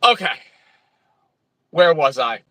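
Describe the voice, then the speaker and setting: A man's voice: a little high, very animated, takes it slowly, sharp tone, no echo, poor audio. A man from New Jersey with a New Jersey accent, a truck driver chatting casually on a livestream, reading viewer comments and greeting viewers by name from a truck stop.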